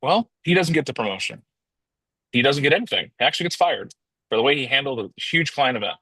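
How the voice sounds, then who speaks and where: A man's voice: medium pitch, big pitch swings, quick pace, sharp tone, slightly rough, no echo. A man telling a motivational story in a casual, rambling way, often restarting and calling his listeners guys.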